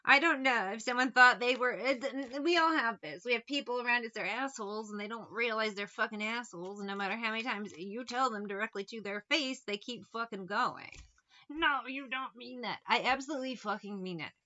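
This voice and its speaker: A woman's voice: fairly high pitch, fairly quick, few pauses, pushed and bright, lo-fi sound. A woman giving a casual tarot reading, blunt and sarcastic, swearing freely as she talks through the cards. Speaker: tarot reader.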